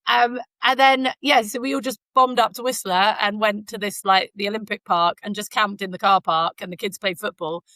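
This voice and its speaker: A woman's voice: mid-range voice, steady tone, moderate pace, hardly any pauses, sharp tone, dry recording. Chatty woman, dry close sound. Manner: chatty storyteller, frequent fillers. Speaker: podcast co-host. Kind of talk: casual chat. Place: Canada.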